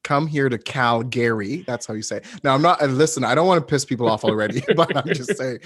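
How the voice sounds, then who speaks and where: A man's voice: mid-range voice, quick pace. A man co-hosting a podcast, chatting in a playful, teasing way. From Canada. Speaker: podcast co-host. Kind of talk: casual chat.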